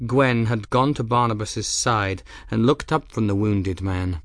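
A man narrates a novel in an even, measured way. His voice is low. The recording is close and dry, with no room sound. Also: no room sound. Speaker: audiobook narrator. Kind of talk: scripted narration.

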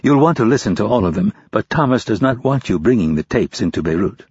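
A composed young female intelligence officer, as a male narrator puts her on. She speaks coolly and precisely, with a low, husky tone. The recording is dull and dry. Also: lively intonation, brisk, darkish tone, no room sound. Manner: cool, probing, businesslike.

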